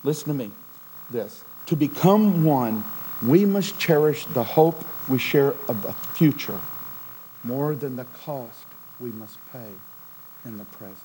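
A middle-aged man preaching a sermon as a pastor, swinging from loud emphasis to a near-whisper. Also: medium pitch, expressive, measured pace, slight background noise, rough recording.

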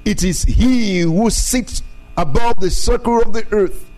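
Male pastor, high voice, repetitive emphatic sermon delivery, soft music underneath. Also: a little slow, poor audio. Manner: repetitive preaching, rising emphatic declarations.

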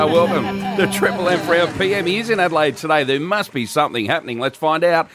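An Australian man co-hosting breakfast radio, lively and animated as he welcomes a guest. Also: a little high, quick pace, music in the background. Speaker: radio co-host.

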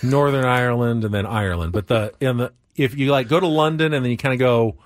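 A man's voice: medium pitch, fast talker, no echo, clean studio sound. A man hosting a sports radio show, chatting easily and explaining things to his co-hosts. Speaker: radio host. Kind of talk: casual radio chat.

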